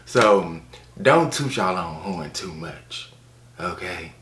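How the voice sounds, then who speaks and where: An American man reviewing books in a sassy, animated casual chat, repeating phrases for emphasis. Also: sits low, slow, roomy sound, noisy background. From United States. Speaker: book reviewer.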